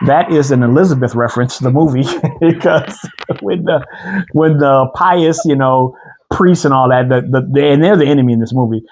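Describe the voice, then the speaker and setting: A man co-hosting a casual couch chat, animated and preachy, slowing down to read scripture aloud. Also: mid-range voice. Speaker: co-host.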